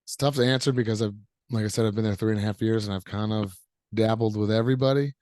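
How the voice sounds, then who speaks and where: A man's voice: lowish voice, steady tone, fast talker, a little mellow, dry recording, clean studio sound. A man in his thirties, a wrestler answering interview questions in an upbeat, easygoing way, rambling a little with fillers. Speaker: professional wrestler guest.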